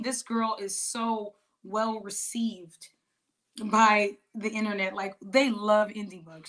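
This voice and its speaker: A woman's voice: a little high, fairly bright tone. A woman hosting a podcast, chatting casually and rambling a little, with frequent restarts and laughs. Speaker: podcast host. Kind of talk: casual interview chat.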